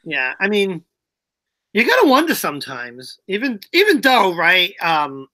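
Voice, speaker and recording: A woman's voice: lowish voice, huge pitch swings, unhurried, pushed and bright. A woman hosting a casual live stream, playful and prone to giggling as she reads. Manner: playful, breaks into giggles while reading. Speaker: host.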